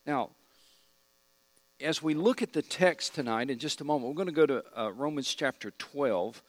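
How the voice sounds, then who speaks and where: A man's voice: a little high, animated, moderate pace, no echo. A middle-aged man teaching an evening Bible study class, asking the group questions and repeating key points.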